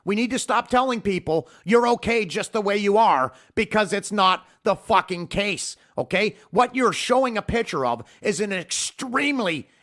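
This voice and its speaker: Heated, profane high-voiced man ranting. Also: fairly bright tone. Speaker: podcast host. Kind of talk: ranting podcast monologue. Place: home podcast studio.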